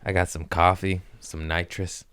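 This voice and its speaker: A man's voice: deep voice, flat delivery, normal speed, a bit bright, clean tone, no room sound. A young man hosting a podcast in a podcast room, chatting casually in a rambling, profane, joking way. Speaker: podcast host. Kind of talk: casual comedic podcast chat.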